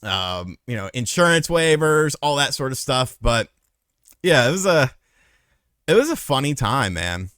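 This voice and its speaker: A man's voice: medium pitch, big pitch swings, a little slow, fairly bright tone, no room sound, studio quality. A man in his thirties telling a story in a casual, rambling, profane way.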